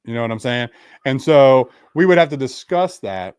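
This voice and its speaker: A man's voice: mid-range voice, lively intonation, moderate pace, darkish tone, smooth, no echo, clean studio sound. A young man, a podcast guest, telling a personal story in a rambling, casual way with lots of fillers.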